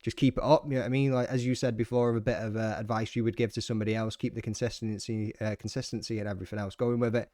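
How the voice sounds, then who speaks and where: A man's voice: on the low side, flat delivery, very fast, hardly any pauses, mellow, no room sound, clean studio sound. A British man hosting a podcast, chatting casually with friendly banter, calling his guest mate and swearing freely. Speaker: podcast host.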